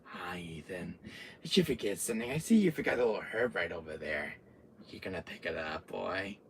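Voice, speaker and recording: A man putting on a menacing, taunting old male villain in a low, hissing whisper with slow, drawling threats. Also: lively intonation, recorded from a distance.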